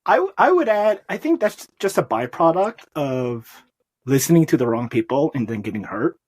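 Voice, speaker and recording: A woman's voice: low-pitched, sing-song, normal speed, a little mellow, husky, no room sound. A woman hosting a casual faith conversation, reflecting and thinking aloud.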